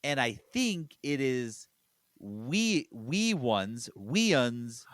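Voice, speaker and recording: A man's voice: medium pitch, very animated, very slow, fairly bright tone, dry recording, clean studio sound. A man hosting a podcast in casual chat, chatty and laughing as he retells scenes. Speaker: podcast host.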